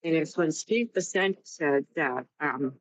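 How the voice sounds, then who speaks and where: A woman's voice: sits low, unhurried. A woman in a casual political chat, talking in an upbeat, sarcastic way. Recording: dull dry lo-fi line.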